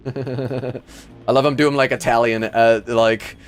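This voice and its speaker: A man's voice: mid-range voice, steady tone, takes it slowly, slight background noise. A man from Michigan with a Midwestern accent, hosting a livestream and chatting casually with viewers, rambling and laughing often. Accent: Midwestern American. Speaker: livestream host.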